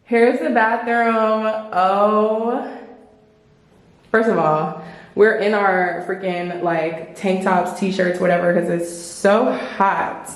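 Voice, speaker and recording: A young woman vlogging a hotel room tour in an excited, chatty way, full of playful slang, filmed on a handheld phone. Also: medium pitch, slow pace. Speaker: travel vlogger. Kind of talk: casual vlog room tour.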